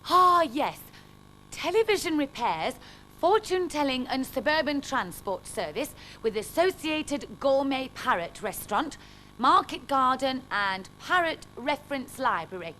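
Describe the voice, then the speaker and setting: A prim, fretful storybook gentleman with a breathy, fussy delivery, as a woman puts him on. The voice sits fairly high and moves in lively swoops, with a faint hiss behind it. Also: unhurried, exaggerated voice, rough recording. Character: anxious, polite, fussy gentleman.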